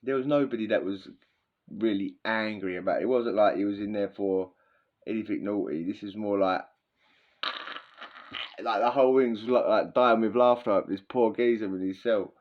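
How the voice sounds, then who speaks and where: A man's voice: fairly low pitch, moderate pace. A man, telling crude stories in a casual, slangy way, full of swearing and laughter. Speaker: podcast host. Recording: dull lo-fi recording.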